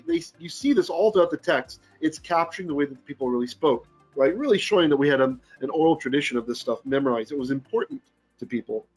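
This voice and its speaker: Man, rabbi, Bible study lesson, voice a bit high, faint music underneath. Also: breathy edge. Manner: reads Hebrew aloud, then translates and explains, thinking out loud. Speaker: rabbi teaching Torah.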